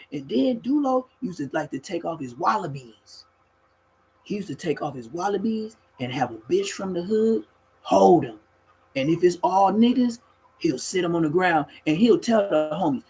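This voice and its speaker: A man tells a rowdy street story in a husky, slightly raspy voice that sits a little high for a man. He talks casually and profanely. He breaks into laughter and mimics the people he describes. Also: normal speed, low-quality recording. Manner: animated, profane, laughs mid-story, acts out other people.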